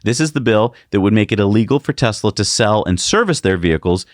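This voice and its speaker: A man co-hosting a casual news chat, sarcastic and animated. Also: fairly low pitch, fast talker, no room sound, studio quality. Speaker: co-host.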